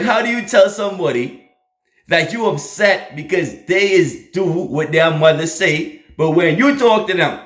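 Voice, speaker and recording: Casting: man in his thirties, channel host, lively storyteller, fairly high voice, echoey room. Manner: animated, laughing, repeats lines for emphasis. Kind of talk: casual storytelling to an online audience.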